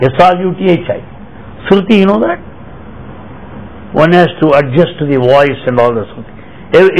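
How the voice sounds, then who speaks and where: A man's voice: fairly high pitch, muffled recording. An older man, giving a devotional talk and acting out the dialogue in his anecdotes. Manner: animated storytelling, acting out dialogue. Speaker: spiritual speaker.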